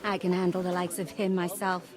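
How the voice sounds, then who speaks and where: An actress voicing a proud, sharp-tongued noble lady who speaks curtly. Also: on the low side, level tone, a little fast, a crowd in the background, lightly acted. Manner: curt, indignant. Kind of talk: video game voice acting.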